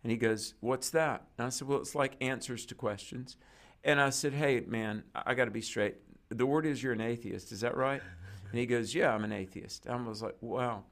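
A man with a gravelly, creaky voice tells a story in conversation. He acts out the dialogue of the people in it as he goes, sounding like a preacher recounting an encounter. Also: medium pitch, moderate pace. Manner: animated storyteller acting out quoted dialogue. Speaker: guest preacher.

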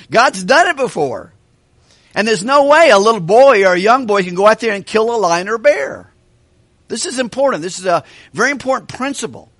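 A male pastor with a fairly high voice gives a Bible study sermon. His delivery is animated, and he keeps asking questions of the listeners. The sound is close and dry. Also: normal speed, no echo. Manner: animated, asks questions of the congregation. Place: church hall with a kitchen.

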